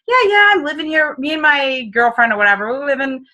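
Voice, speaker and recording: A breezy, cocky young city guy, as a woman puts him on, his voice lifted high and light. He talks carelessly, full of easy confidence. The impression is quick and offhand rather than a full character. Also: big pitch swings, bright, forceful tone, heavily acted.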